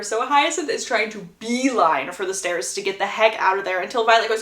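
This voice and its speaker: A young woman casually recapping a book's plot in a chatty, animated way. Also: medium pitch, brisk, few pauses. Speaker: book content creator. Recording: roomy echo.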